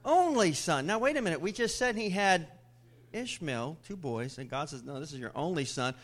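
At a moderate, animated pace, a male pastor works through his sermon with questions aimed at the congregation and humorous side comments. He gets much higher and louder when speaking as figures from scripture.

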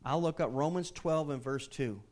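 A male pastor with a fairly high, slightly mellow voice speaks at a normal pace. His sermon starts as easy, conversational teaching and builds into fervent, raised preaching.

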